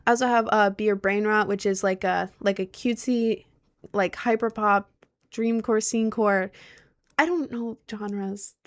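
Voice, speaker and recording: A woman's voice: mid-range voice, fairly even intonation, measured pace. A woman in her twenties chatting casually as a streamer, out of breath, giggly and rambling. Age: 20s. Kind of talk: casual chat.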